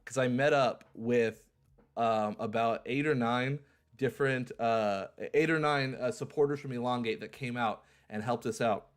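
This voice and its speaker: A man's voice: medium pitch, moderate pace, clean tone. A young man hosting a livestream in a casual, upbeat way, repeating his phrases like an auctioneer. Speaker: livestream host.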